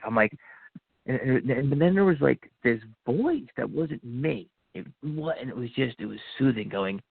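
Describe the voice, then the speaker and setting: A man's voice: medium pitch, animated, moderate pace, creaky, slightly rough, no echo. A man, a podcast guest, telling his own story earnestly and acting out what he said to himself in the moment. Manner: earnest, acts out his own inner dialogue. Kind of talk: personal storytelling. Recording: tinny phone-like line, dry.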